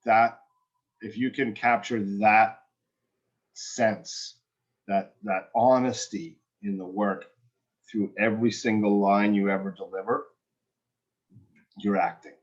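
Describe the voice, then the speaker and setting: A man's voice: on the low side, steady tone, takes it slowly, pauses often, dull audio. A man working as an acting coach, giving a student direct and encouraging feedback in a one-on-one session, often restarting his sentences.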